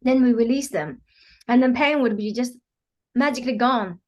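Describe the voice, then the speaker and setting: Brief: woman healer explaining her practice, earnest, slightly higher pitch, loose filler-heavy phrasing. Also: normal speed. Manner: earnest, many "you know" fillers, acts out quotes. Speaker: quantum healing practitioner, guest. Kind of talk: explanatory interview talk.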